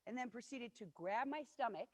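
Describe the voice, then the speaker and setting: A woman's voice: on the high side, expressive, moderate pace. Earnest woman giving a keynote in a hall. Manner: personal, earnest, acts out quotes of others. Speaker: keynote speaker. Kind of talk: motivational storytelling speech. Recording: long hall reverb.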